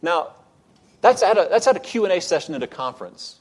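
A man's voice: high-pitched, sing-song, brisk. Earnest man preaching a sermon. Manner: earnest preaching that builds to loud emphatic outbursts. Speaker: pastor.

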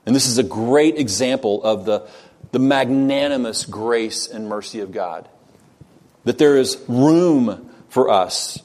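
Male preacher, mid-pitched, earnest expository sermon, emphatic, asks the room questions. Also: darkish tone. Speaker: pastor.

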